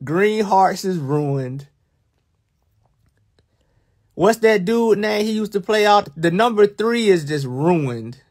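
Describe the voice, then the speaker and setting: A young man with a drawl hosts a casual livestream, ribbing his viewers. His talk is unhurried and drawn out, and his voice sits a touch higher than most men's. He slips into bursts of mock alarm and easy teasing. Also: lively intonation, a little mellow. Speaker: livestream host.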